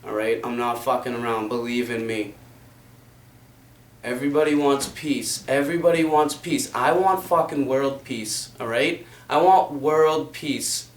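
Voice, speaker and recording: A man's voice: mid-range voice, steady tone, a little slow. A young man delivering an impassioned, profanity-laced rant to the camera in a fervent, preachy way. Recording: roomy sound from a distant mic.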